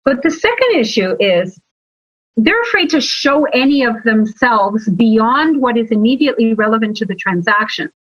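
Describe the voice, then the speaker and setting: A woman guest talking about sales and marketing in a lively interview, telling stories with emphatic, animated asides. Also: on the high side, moderate pace, dry recording. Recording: slightly dull, lo-fi sound.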